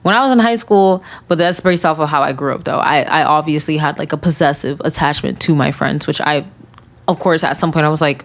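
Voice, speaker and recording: Young woman podcaster, low-ish voice, swears a lot, rambles, kinda teary, talking to her camera at night. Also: fairly quick. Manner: candid, swearing, slangy, rambling with restarts. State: emotional, fighting back tears. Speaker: podcast host. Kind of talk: late-night casual podcast monologue. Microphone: recording herself on camera.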